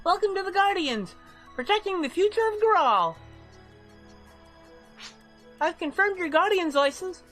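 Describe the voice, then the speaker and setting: A woman voicing a polite young female guild receptionist in a game dialogue read-along, in a measured delivery. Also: very high-pitched, very animated, a bit bright, soft background music, exaggerated voice.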